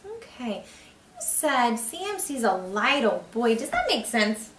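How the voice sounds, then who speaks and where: A woman's voice: fairly high pitch, very animated, slow, fairly bright tone, a little hiss or hum. A woman explaining to parents how to read with their child, patient and encouraging as she demonstrates. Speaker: reading teacher. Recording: echoey room, mic far off.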